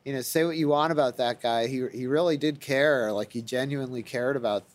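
A man with a medium-pitched voice talks briskly in casual conversation. He rambles enthusiastically about old records, full of fillers and restarts.

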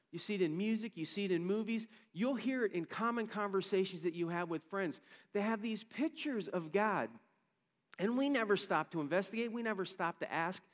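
A man's voice: high-pitched, in a large hall. A man preaching a sermon as a pastor, conversational and building to emphatic bursts.

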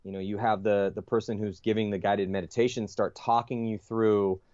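A podcast guest with a fairly low man's voice tells a long story in a loose, rambling way. He swears freely and fills the gaps with "like" and "you know". The sound is dry and a bit dull, as from a lo-fi recording. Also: little pitch movement, normal speed, a little mellow, no room sound. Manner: profane, rambling, lots of fillers and restarts. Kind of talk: casual storytelling.

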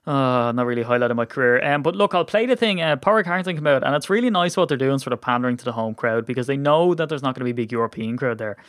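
A man's voice: medium pitch, expressive, fast talker, hardly any pauses, fairly bright tone, dry recording, clean studio sound. A man with an Irish accent hosting a casual sports podcast, rambling and self-deprecating with lots of fillers. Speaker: podcast host. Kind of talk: casual chat.

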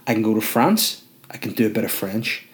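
A man's voice: lowish voice, lively intonation, brisk. A man hosting a solo comedy podcast, rambling with jokey asides. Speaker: podcast host.

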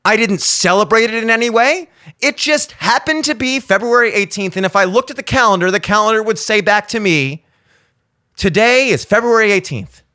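In this ranting comic monologue, the podcast host swears, mocks and stages pretend conversations. He talks a little fast in a high, bright voice with a forceful tone.

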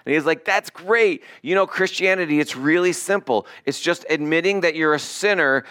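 A pastor preaching a sermon in a conversational, animated way, with asides to the congregation. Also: male voice, fairly high pitch, normal speed, hardly any pauses, clean tone.

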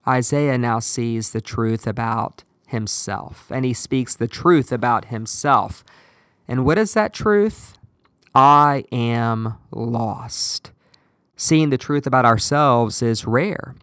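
A man preaching a sermon in a measured, emphatic way, with slow deliberate pauses. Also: mid-range voice, vocal fry, a bit bright, no room sound, studio quality.

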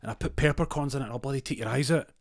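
A man playing a hot-headed, loyal man who blusters loudly and makes threats. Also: mid-range voice, very fast, voice pushed up, close to an everyday voice. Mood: blustering. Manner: loud and blustering.

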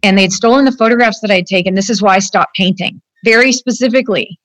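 A woman's voice: mid-range voice, quick pace, a bit bright, dry recording. A woman speaking as an interview guest, telling a personal account earnestly and at length, with many fillers, her voice turning tearful and strained when upset.

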